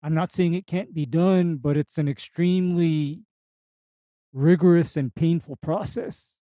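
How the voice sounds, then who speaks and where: A man with a fairly high, mellow voice explains things in an opinionated, easygoing way. The sound is dry and close. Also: no echo. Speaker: turf expert co-host. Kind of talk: casual chat.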